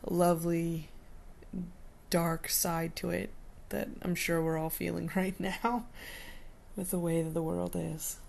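A woman singing a cover song and then chatting casually about it in quick, laughing asides. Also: fairly low pitch, level tone, creaky, darkish tone.

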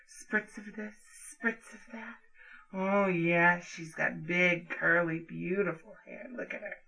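A woman's voice: medium pitch, pushed and bright, poor audio. A woman performing an adult audio role-play in a commanding, taunting manner.

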